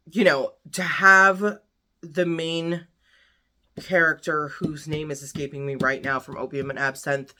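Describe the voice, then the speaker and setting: A woman chatting through a book review vlog in a loose, rambling way, full of fillers and asides. Her voice is bright and forward, and she keeps it lively and expressive. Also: low-pitched. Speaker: book vlogger. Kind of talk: casual book review chat.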